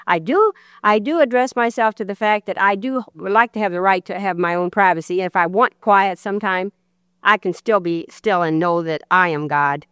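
A woman with a smooth, clear voice makes a firm, slightly rambling point in a public debate. The sound is dry and close. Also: mid-range voice, moderate pace, a bit bright, dry recording.

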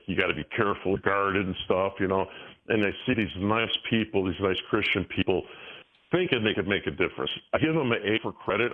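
A man in his sixties telling stories on a call-in talk show, with many restarts and fillers. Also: lowish voice. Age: 60s. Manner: animated storytelling with frequent restarts. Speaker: guest. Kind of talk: casual interview talk. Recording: tinny phone-line audio.

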